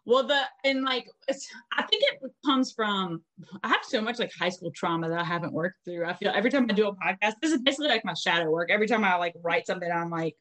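Young woman host, casual podcast chat, swears freely, blunt and lively. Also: medium pitch, quick pace. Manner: blunt, profane, animated storytelling.

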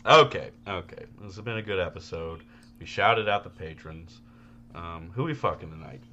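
Give me a low-voiced male podcast co-host, rambling and profane. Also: moderate pace, pushed and bright, highs cut off, a little hiss or hum. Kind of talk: casual chat.

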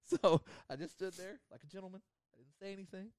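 A man's voice: sits high, fast talker, a little mellow, clear, resonant tone, no room sound. A man, telling a rambling story on a podcast with lots of laughter. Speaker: podcast host. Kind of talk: casual storytelling.

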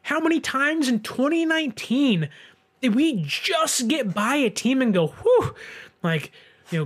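A man in his twenties hosting a solo sports show, giving emphatic commentary. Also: sits high. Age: 20s. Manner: animated, emphatic rant.

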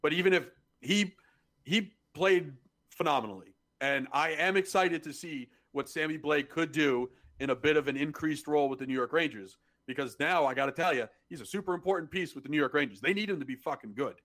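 A man's voice: a little high, a little fast, a bit bright. A man co-hosting a sports podcast, talking casually and growing exasperated, often repeating himself when worked up. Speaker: podcast co-host.

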